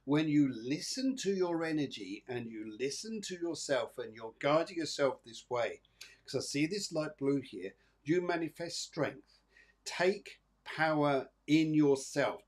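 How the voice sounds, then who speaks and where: A man's voice: a little high, lively intonation, unhurried. Chatty psychic medium, man. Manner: chatty, reassuring, rambling with fillers. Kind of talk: live psychic reading show.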